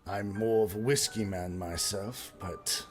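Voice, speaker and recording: A man voicing a calm, cryptic hooded stranger. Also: lowish voice, a little slow, faint music behind, lightly acted.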